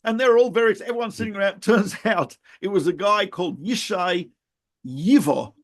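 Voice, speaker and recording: A rabbi in middle age co-hosts a podcast, where his casual chat runs to animated anecdotes with laughter and false starts. He has a high voice and keeps a moderate pace.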